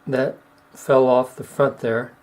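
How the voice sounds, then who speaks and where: A middle-aged man giving casual step-by-step how-to narration while demonstrating razor honing, unhurried and plain-spoken. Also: mid-range voice, flat delivery, a little mellow, poor audio. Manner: unhurried, explains step by step with fillers.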